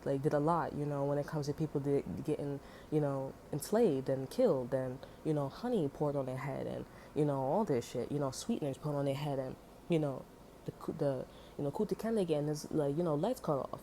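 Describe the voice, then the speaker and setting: A woman's voice: low-pitched, a little fast, mellow, a little hiss or hum. A woman telling a story in a casual, heated monologue, swearing often and filling her talk with "you know" and "like". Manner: heated, profane, many fillers.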